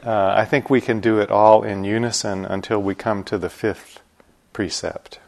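A man guiding a meditation group before chanting, explaining patiently with gentle humor. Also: fairly low pitch, steady tone, normal speed, vocal fry. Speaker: meditation teacher.

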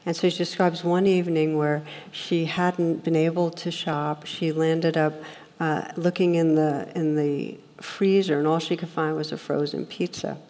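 A woman's voice: deep voice, little pitch movement, measured pace, darkish tone. A woman meditation teacher giving a reflective dharma talk, speaking earnestly and telling stories to make her point. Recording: long hall reverb.

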